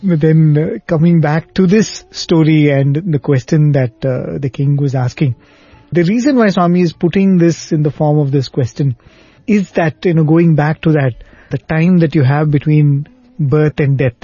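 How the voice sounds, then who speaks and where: A soft-spoken male host with a slightly raised pitch and a mellow, husky tone, who laughs easily while asking reflective questions. His voice sounds dry and a bit dull. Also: moderate pace, no room sound. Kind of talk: conversational podcast interview.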